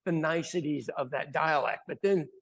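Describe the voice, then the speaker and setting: An American man co-hosting a podcast, chatting casually and telling stories with animated acted-out quotes. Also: a little high, normal speed, creaky. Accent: General American. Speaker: podcast co-host. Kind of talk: casual chat.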